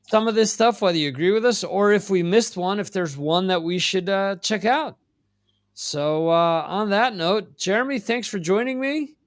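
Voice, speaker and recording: American guy hosting a music podcast, slow and laid back, smooth clear voice, bit of a higher pitch. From United States. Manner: relaxed, unhurried, many fillers and restarts. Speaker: podcast host. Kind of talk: casual music chat.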